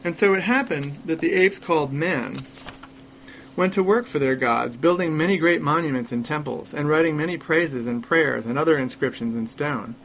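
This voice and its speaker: A man narrating a scripted satirical story in a dry, deadpan way. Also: fairly high pitch, normal speed, slight background noise, poor audio.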